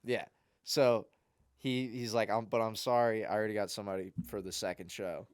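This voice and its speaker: A young man, a podcast co-host, telling a long, rambling story in a casual, animated way. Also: on the low side, normal speed, clean tone, dry recording, studio quality.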